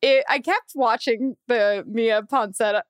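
A young woman hosting a podcast, telling a story in casual chat, animated and swearing, acting out quotes loudly. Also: fairly high pitch, a little slow, clean tone, no echo. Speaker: podcast host.

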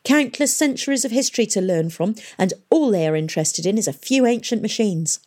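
A woman voicing a disapproving old professor in a storybook reading, measured and lecturing. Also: mid-range voice, lively intonation, a little mellow, voice pushed up, natural voice.

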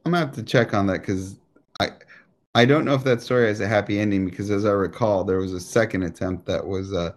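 A man, co-hosting a podcast in a low voice. He rambles through loose, profane banter and stays joking throughout. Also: fast talker. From United States. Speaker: podcast co-host.

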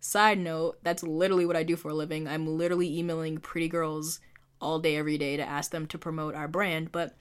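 A young woman vlogs in a casual, confessional chat, talking loosely, saying "like" a lot, and poking fun at herself. Her voice is deep, clear and resonant, with a flat, brisk delivery.

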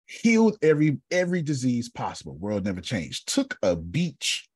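A man's voice: mid-range voice, wildly swooping pitch, moderate pace, darkish tone, slightly rough, no echo, studio quality. A man telling a story in a preaching style, dramatic, repeating a refrain and calling on listeners by name. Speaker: speaker.

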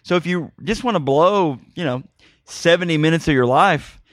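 A man's voice: a little high, moderate pace, dry recording, clean studio sound. A man co-hosting a podcast, chatting casually and sarcastically about a bad movie and talking to listeners as "folks". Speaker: podcast co-host. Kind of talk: casual movie-review chat.

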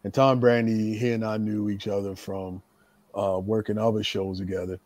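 Speaking at a normal speed with a lowish, darkish, level voice, the same storyteller is heard dry, with no echo. He's a middle-aged man spinning a long, easygoing tale for friends, tripping over his phrasing, saying words twice, and laughing along.

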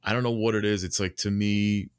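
A man's voice: on the low side, little pitch movement, fairly quick, clean tone, no echo, clean studio sound. A man in casual conversation, talking in a reflective, rambling way with many fillers. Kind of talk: casual chat.

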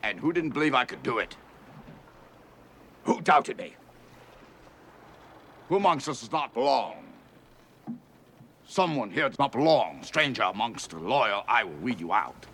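A man's voice: animated, measured pace, long pauses, a little hiss or hum. An actor playing a vain, vengeful older pirate captain who gives grandiose, sneering speeches to his crew. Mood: gloating. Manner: grandiose, booming, sneering oratory. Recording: film soundtrack with loud score and cheering crowd.

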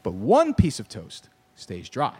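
A young man hosting a podcast, telling a story in casual sports-talk banter, animated, riffing and ranting with laughs. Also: medium pitch, unhurried, slightly rough. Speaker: podcast host.

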